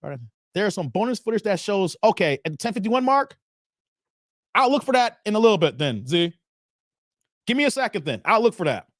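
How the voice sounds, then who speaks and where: A man's voice: high-pitched, big pitch swings, a little fast, pauses often, fairly bright tone, no echo, clean studio sound. A middle-aged man hosting a livestream, reading chat comments and joking loosely with viewers.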